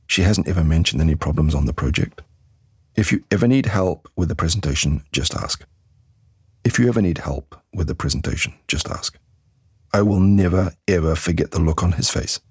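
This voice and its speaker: Low, gravelly male English teacher. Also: dry recording, studio quality. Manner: slow, deliberate model sentences repeated for learners; coaching, gives tips and drills to the listener. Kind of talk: language lesson podcast.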